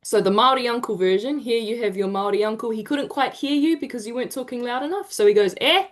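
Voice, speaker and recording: A woman presenting an online pronunciation lesson, encouraging her group and stretching out example sounds. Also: a little high. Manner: encouraging, drawn-out demonstration sounds. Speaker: te reo Māori workshop presenter. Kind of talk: online teaching session. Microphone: video call.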